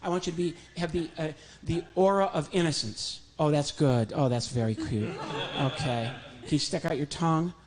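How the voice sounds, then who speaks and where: A man's voice: on the high side, moderate pace, hardly any pauses, low-quality recording. A man doing stand-up comedy with a puppet, joking about himself and chatting to the crowd. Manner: jokey, self-deprecating, talks to crowd. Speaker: comedian and ventriloquist. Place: home, performing to a virtual audience.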